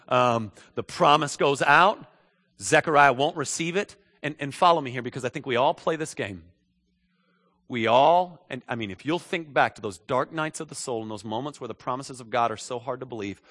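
A man's voice: medium pitch, fairly bright tone. A male pastor preaching a sermon in a church, talking conversationally and repeating phrases as he checks in with his listeners. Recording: echoey hall.

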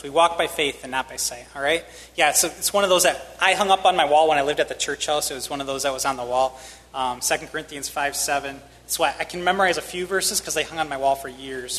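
A man's voice: fairly high pitch, sharp tone. A man preaching a sermon in a church, candid and self-deprecating, pressing key lines with rising emphasis. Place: church hall. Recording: long hall reverb.

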